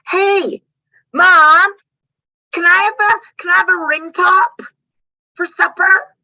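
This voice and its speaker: A woman's voice: very high voice, fairly even intonation, slow pace, sharp tone, voice pushed up, heavily acted. A woman putting on a whiny little girl. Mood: pleading. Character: demanding little three-year-old girl. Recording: dull lo-fi dry sound.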